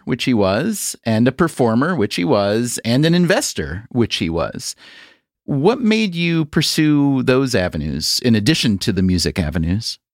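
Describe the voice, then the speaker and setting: A man's voice: mid-range voice, dry recording. A man hosting a radio interview, asking curious, conversational questions into a studio microphone. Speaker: podcast host.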